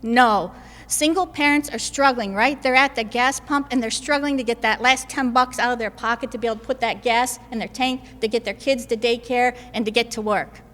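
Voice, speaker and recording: A woman delivers a floor speech, hammering each point home by repeating it. Her voice sits a little high. It rings out with a long echo across a large chamber. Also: steady tone, fairly quick, few pauses, fairly bright tone. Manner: emphatic, repeats points for stress. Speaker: state senator.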